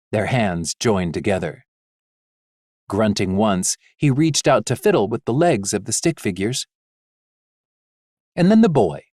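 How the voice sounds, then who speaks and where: A man narrating a fantasy audiobook in an expressive, measured way. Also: mid-range voice, dry recording, clean studio sound. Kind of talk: scripted narration.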